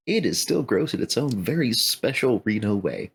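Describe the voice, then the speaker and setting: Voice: medium pitch, sing-song, moderate pace, gravelly, breathy edge. A podcast co-host in casual chat, chiming in with dry, agreeable remarks.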